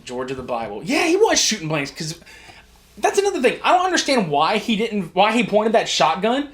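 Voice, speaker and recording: A man co-hosting a podcast, retelling film scenes in a casual, profane, animated way. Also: high voice, a little fast. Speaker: podcast co-host. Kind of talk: casual movie review chat. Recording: early amateur mic setup.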